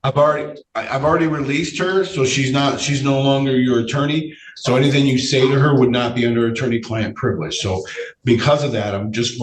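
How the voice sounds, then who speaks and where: A male judge with a voice he says is giving out, speaking in a measured way, often repeating phrases and using fillers during a courtroom hearing. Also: mid-range voice. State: losing his voice. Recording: echoey room, distant mic, faint noise.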